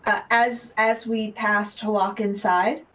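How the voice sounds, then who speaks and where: A woman's voice: medium pitch, level tone, takes it slowly, fairly bright tone, low-quality recording. A woman playing a tabletop game in character, with a playful, wry manner. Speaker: player.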